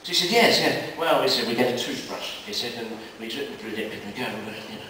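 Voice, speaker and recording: A man doing stand-up, telling jokes in a brisk storytelling manner and jumping his pitch up for quoted characters. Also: bright, forceful tone, a little hiss or hum. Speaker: stand-up comedian. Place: live comedy venue. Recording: echoey live room, mic at a distance.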